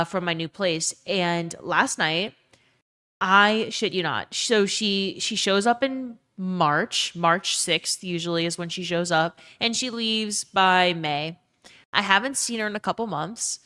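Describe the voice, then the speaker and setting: A woman's voice: on the low side, bright, forceful tone, clear, resonant tone. A woman live streamer chatting casually with her chat, answering them and telling a tender story, with lots of "um" and "like" and some swearing.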